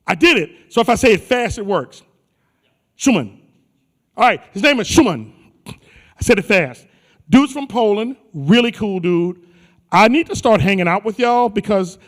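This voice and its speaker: A man emceeing a conference does joking crowd work, ribbing the audience with playful slang. His voice sits high and a bit bright, echoing with long reverb through the large live hall.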